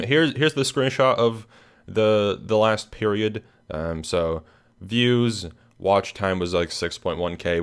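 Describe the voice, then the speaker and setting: A young man hosting a casual recap of his channel, tired and yawning, rambling with lots of fillers and restarts. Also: on the low side. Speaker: channel host. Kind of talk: casual screen-share recap.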